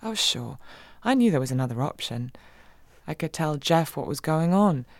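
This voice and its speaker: A woman reading a first-person audiobook in a wry, expressive way, swinging between giddy and hushed. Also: sits low, normal speed, dry recording. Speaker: audiobook narrator.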